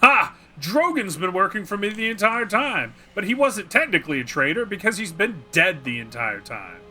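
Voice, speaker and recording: A man's voice: high voice, sing-song, normal speed, bright, forceful tone, voice pushed up, heavily acted. A man putting on a smug, gloating male Chaos warlord villain in a mocking, self-satisfied tone.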